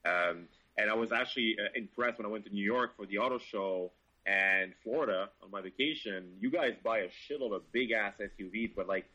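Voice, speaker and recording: A man's voice: lowish voice, a little fast, sharp tone, breathy edge, poor audio. A man who writes about cars, chatting casually and swearing eagerly in a podcast conversation. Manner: enthusiastic, swears freely. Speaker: car journalist guest.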